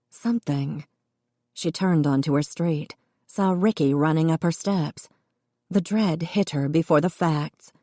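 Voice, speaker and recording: A woman reading an audiobook in steady, expressive narration. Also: low voice, no echo, studio quality.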